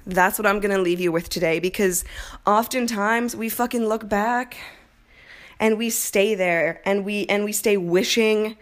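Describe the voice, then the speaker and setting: A young woman hosting a podcast, telling a personal story in a candid, profane, animated way. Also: mid-range voice, measured pace. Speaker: podcast host. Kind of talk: casual storytelling monologue.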